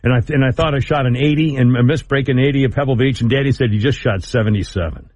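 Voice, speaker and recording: A man's voice: mid-range voice, steady tone, quick pace, a little mellow, muffled recording. A man hosting a call-in talk radio show, telling rambling stories and laughing easily.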